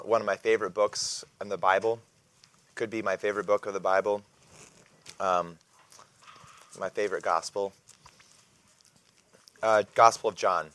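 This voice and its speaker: A man teaching a casual Bible lesson, speaking hesitantly with many fillers and restarts and often clearing his throat. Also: fairly low pitch, normal speed, pauses often, bright, forceful tone, dry recording.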